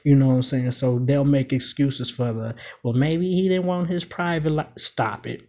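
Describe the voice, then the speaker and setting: Mellow-voiced man breaking down lyrics. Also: mid-range voice, normal speed. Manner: emphatic, repeats quoted lines, keeps asking "you know what I'm saying". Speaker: commentator.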